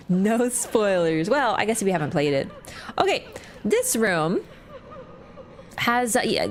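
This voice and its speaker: A woman streams a game and talks casually to her chat the whole time. Her pitch swings around with a lively, animated lilt. She is chatty and laughs easily, with swearing scattered through her talk. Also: slight background noise. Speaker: livestreamer. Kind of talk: casual gaming livestream commentary.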